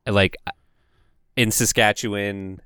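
A man in casual podcast chat, relaxed and easygoing, with a swear dropped in here and there. His voice is lowish and smooth. It sounds clean and dry, close to the mic. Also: takes it slowly, no echo. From Canada. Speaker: podcast co-host.

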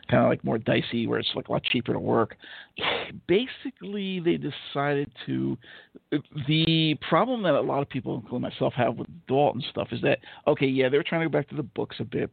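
A blunt, sarcastic man rambles through a film review, swearing freely and leaning on fillers. His voice is gravelly and husky, and it comes through a dry, tinny, phone-like line. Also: mid-range voice, no echo. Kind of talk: casual opinionated film-review chat.

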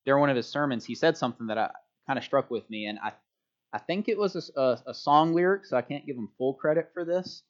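Casual male preacher, conversational and self-joking, mid-pitched, heard on a dull lo-fi recording. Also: quick pace. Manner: relaxed, chatty, self-joking. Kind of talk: casual sermon. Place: church hall with a congregation. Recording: dull lo-fi sound.

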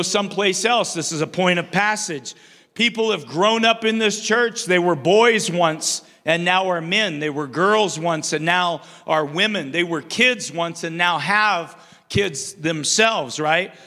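Bright, high-voiced older pastor preaching. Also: male voice, in a large hall. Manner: call-and-response preaching, repeats and restarts phrases. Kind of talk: sermon. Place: church sanctuary.

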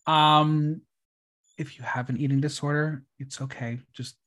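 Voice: mid-range voice, steady tone, measured pace, fairly bright tone. A podcast host recapping a reality show in a casual, chatty way, with wry asides.

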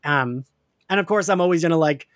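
A man with a touch of a Philadelphia accent chats on a podcast, animated, quick to laugh and to swear. His voice sits a little high for a man. The sound is close and dry, with no room to it. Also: no room sound. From Philadelphia area, US. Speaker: podcast co-host. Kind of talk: casual chat, recapping a show.

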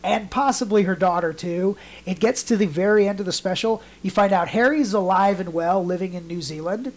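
A man's voice: sits high, brisk. A man co-hosting a laid-back podcast, spinning long, rambling anecdotes. He talks loosely and casually, in a natural conversational way. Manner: rambling storyteller, acts out quotes in mock voices. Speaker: podcast co-host.

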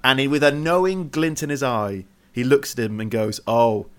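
A man's voice: mid-range voice, expressive, moderate pace. A man co-hosting a casual film podcast, talking with eager enthusiasm and frequent restarts. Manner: enthusiastic, gushing, stumbles and restarts. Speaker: podcast co-host.

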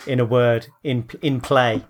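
A man's voice: medium pitch, fairly even intonation, measured pace. A man hosting a casual podcast, asking questions and teasing his co-host. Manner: asks questions, teases, reads out quotes. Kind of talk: casual chat.

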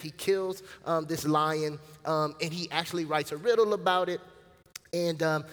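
A man preaching as pastor, lively and casual with slang and acted-out quotes. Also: high voice. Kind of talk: sermon. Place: church sanctuary. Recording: church hall reverb.

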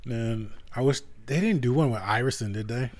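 Casual male co-host, mid-pitch, dry booth sound, playful storyteller who slips into character voices. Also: normal speed, a little mellow, no echo. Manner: laughs often, acts out scenes with put-on voices. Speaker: podcast co-host. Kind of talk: casual chat.

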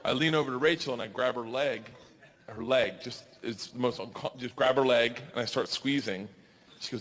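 A man in his forties doing stand-up storytelling on a live stage, loud and profane, building to shouts. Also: medium pitch, a little fast, a faint crowd. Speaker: stand-up comedian. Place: comedy stage before a crowd. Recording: live stage with audience noise.

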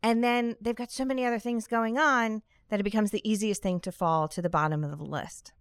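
A young woman hosts a podcast in a bright, upbeat way with flashes of dry sarcasm. Her voice is clear and smooth, recorded close with a dry sound. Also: a little high, steady tone, brisk, dry recording. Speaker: podcast host. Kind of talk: scripted podcast conversation.

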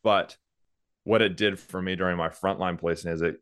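Interview guest: very low-voiced man, ex-cop, smooth and dry, laughs easily. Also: brisk, dry recording. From United States. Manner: relaxed, laughs often, restarts sentences. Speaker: former police officer, guest. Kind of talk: casual interview conversation.

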